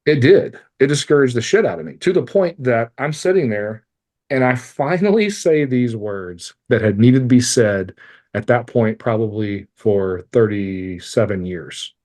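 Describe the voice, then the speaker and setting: A man in his forties, a life coach appearing as a podcast guest, tells a personal story in a mid-range voice at a measured pace. He's candid and animated, swearing freely and poking fun at himself.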